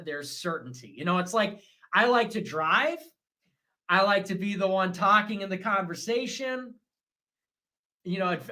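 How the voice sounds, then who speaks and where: High, bright-voiced man ranting on stream. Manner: animated and combative, jumps between loud bursts and low mutters; self-assured, talks in repeated short phrases. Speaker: livestream show host. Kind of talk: rambling livestream monologue.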